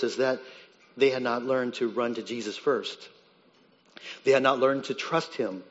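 A pastor delivers a sermon with earnest emphasis, his voice rising on key points and sinking low and quiet on others. A long reverb tail trails his words, and the highs are cut off.

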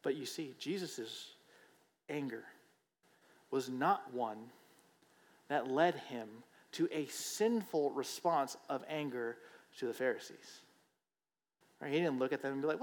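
A man's voice: fairly high pitch, a little slow, pauses often. A man preacher giving a sermon in a conversational, emphatic way, often checking in with "right?". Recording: long hall reverb.

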